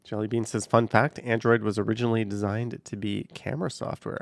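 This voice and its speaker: Gravelly man chatting from a car. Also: lowish voice, little pitch movement, a little fast, no echo. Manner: offhand, rambling, hedges with "I don't know". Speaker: livestream host. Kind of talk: casual live chat, reading viewer comments. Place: in a car while driving on a highway. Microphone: camera on a car mount.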